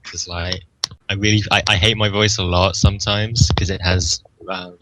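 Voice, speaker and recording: A man's voice: deep voice, flat delivery, moderate pace, very noisy. A young man co-hosting a podcast in casual chat, stumbling and repeating his words. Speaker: podcast co-host.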